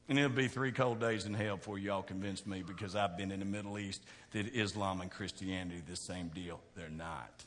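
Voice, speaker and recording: A man preaching a sermon, talking with the crowd in a chatty way, asking questions, going from quiet to loud. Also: low voice, a little fast, hardly any pauses. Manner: conversational preaching, asks the crowd questions, swings from soft to shouting. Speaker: pastor. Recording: long hall reverb.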